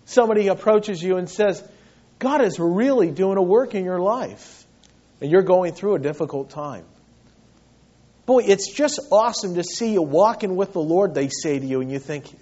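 A man's voice: high-pitched, lively intonation, normal speed, warm tone, highs cut off. A man preaching a sermon as pastor, earnest and emphatic, repeating phrases for weight.

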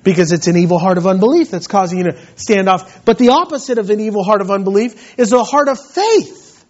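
Emphatic preacher, man, lively high voice. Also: fairly quick, highs cut off. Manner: emphatic, swinging from loud high peaks to low quiet asides. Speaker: pastor. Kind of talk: sermon. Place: church.

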